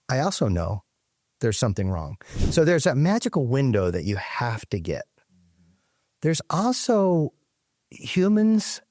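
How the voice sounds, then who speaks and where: A man talks through his points as a guest in an interview, acting out little phone scenes as he goes. His voice sits in the middle range. The sound is dry, with no room echo. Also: mid-range voice. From United States. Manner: animated storyteller, acts out phone callers. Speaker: guest, company leader. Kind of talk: conversational interview.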